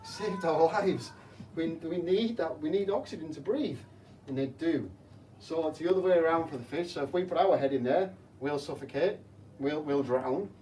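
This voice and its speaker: A slightly high, mellow male voice at a moderate pace belongs to an aquarium technician who jokes and chats with children while cleaning their school's tank, asking them rhetorical questions. The recording has a somewhat distant mic and faint hum.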